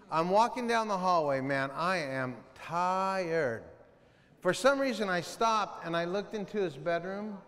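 A man speaking to a school assembly, telling animated stories, acting out scenes and yelling as he mimics himself and his son. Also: high voice, big-room sound. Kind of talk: animated motivational storytelling. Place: school auditorium.

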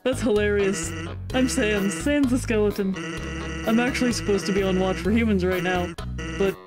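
A woman's voice: moderate pace, natural voice. Sans, a lazy joking skeleton, as a woman reads him. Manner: low, laid-back reading of game dialogue. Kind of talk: reading game dialogue aloud. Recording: game music behind voice.

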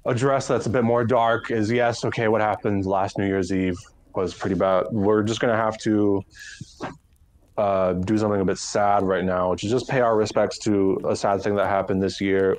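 A man hosting a live stream, talking in a halting, deadpan, mock-mournful way with many fillers. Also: fairly low pitch, faint music behind. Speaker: streamer host.

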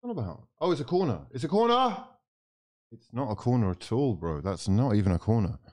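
A man hosting a live football watchalong, reacting with loud, swearing outbursts. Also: mid-range voice, a little fast. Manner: excitable, swearing, shouting reactions.

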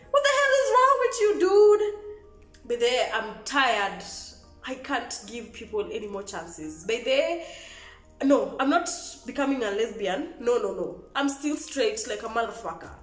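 A young Kenyan woman with a Kenyan accent telling an exasperated, animated storytime vlog, switching between languages. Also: fairly high pitch, echoey room. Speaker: vlogger.

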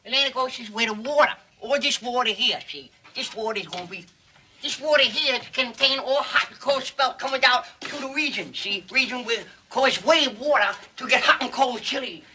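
A man's voice: very high-pitched, normal speed, sharp tone, slightly rough, heavily acted, low-quality recording. An actor playing a bumbling TV weatherman with a put-on foreign accent, rambling in garbled English in a 1950s film comedy.

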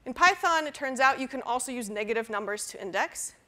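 A woman's voice: sits high, lively intonation, brisk, sharp tone. A woman lecturing a university class on programming, explaining step by step with fillers and restarts. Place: lecture hall.

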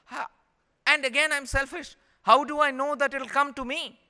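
A middle-aged Indian man with an Indian English accent gives a storytelling keynote, repeating phrases for emphasis. His very high voice is pushed and bright, with a steady tone and moderate pace, and long hall reverb fills the recording.

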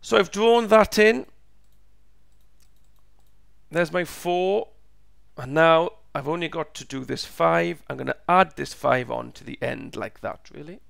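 A man teaching a step-by-step physics lesson, slow and patient, repeating each step, his voice croaky and going hoarse. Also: a little high, fairly bright tone, no room sound, studio quality. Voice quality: gravelly, croaky.

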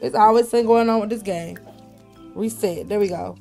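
A woman's voice: medium pitch, a little fast, creaky, dark tone, faint music behind. A young woman giving casual, chatty commentary on her life-sim playthrough, laughing often and scolding her characters. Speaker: let's play host.

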